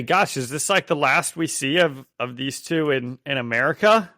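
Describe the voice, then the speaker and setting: Young man, podcast co-host, animated casual retelling, laughs often, middle pitch, dry close sound. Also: normal speed, dry recording. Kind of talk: casual chat.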